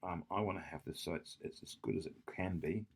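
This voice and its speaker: A man's voice: sits low, fairly quick, gravelly, very noisy. A man tutoring math, walking through an exam question while he draws, thinking aloud, correcting himself and checking in with "yeah?". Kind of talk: whiteboard exam walkthrough.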